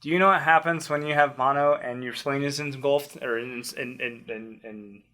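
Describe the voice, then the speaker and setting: A man who coaches tricking athletes, telling a personal story in casual chat, animated and laughing often with loose swearing. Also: medium pitch, normal speed.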